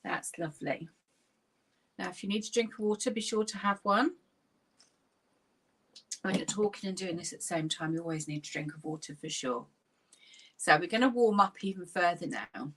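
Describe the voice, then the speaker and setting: A woman's voice: on the low side, lively intonation, fairly quick, pauses often, fairly bright tone. A woman leading a laughter yoga class, giving upbeat, encouraging instructions while she sits. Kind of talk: guided exercise class.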